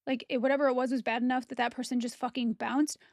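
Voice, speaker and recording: A woman's voice: high-pitched, little pitch movement, fast talker, vocal fry, no room sound, clean studio sound. A woman content creator giving a personal testimony straight to camera, blunt, heated and profane.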